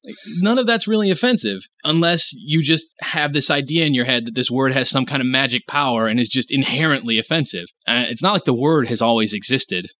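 Man with a bright, forward tone who rants loosely and swears freely in a casual chat. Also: mid-range voice, fairly quick, hardly any pauses, dry recording. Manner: opinionated, ranting, profane.

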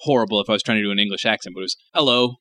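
A man's voice: on the low side, fairly even intonation, racing, sharp tone. A young man co-hosting a podcast, talking casually and ranting in a profane, emphatic way. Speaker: podcast co-host. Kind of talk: crude casual chat.

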